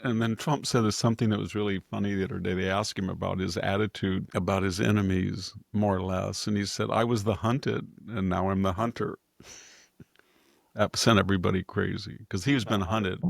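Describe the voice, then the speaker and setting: A low, gravelly man's voice, recorded close and dry. He editorializes in a loose, digressive way and often breaks into chuckles. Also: flat delivery, brisk, no echo. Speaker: host and commentator. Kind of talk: opinionated political commentary.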